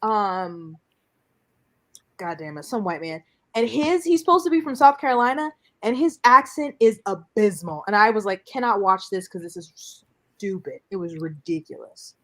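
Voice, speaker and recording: A woman hosting a casual group chat about books and TV, animated and blunt, who swears freely. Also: mid-range voice, normal speed. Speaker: booktuber host.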